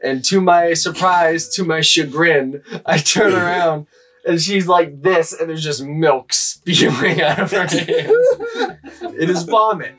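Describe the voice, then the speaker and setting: A man's voice: fairly high pitch, slow pace, far from the mic. Young man telling a story with animation. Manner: animated storytelling, laughing often. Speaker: podcast co-host. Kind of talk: casual podcast chat.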